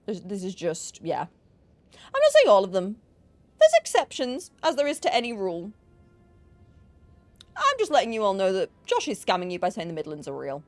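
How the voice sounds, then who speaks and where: Woman, northern English accent, game streamer, teasing banter, very animated pitch, dry close sound. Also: normal speed, long pauses, no echo, soft background music. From Yorkshire, England. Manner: chatty, teasing, jokey banter with chat. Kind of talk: casual live-stream chat while gaming.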